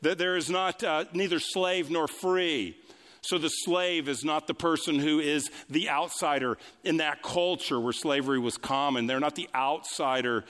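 A male pastor delivering a sermon, building lines through repetition and swinging between raised and hushed delivery. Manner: preaching with sweeping pitch swings, quick asides and repetition. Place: church sanctuary. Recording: long reverb of a large hall.

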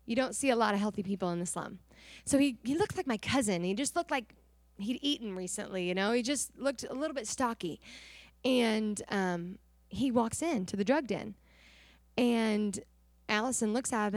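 A young adult woman giving an earnest, animated personal testimony to a church congregation, acting out the dialogue as she tells it. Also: mid-range voice, no echo. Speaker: missionary sharing testimony.

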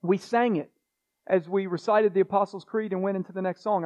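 A man's voice: sits high, steady tone, a little fast, muffled recording. A man pastor preaching a sermon in an earnest way, repeating phrases and restarting himself as he presses his points.

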